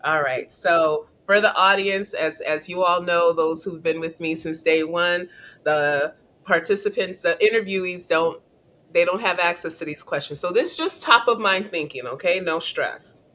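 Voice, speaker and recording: A woman's voice: fairly low pitch, normal speed, a bit bright, slight background noise. A woman career coach hosting a casual interview, upbeat and chatty, laughing often.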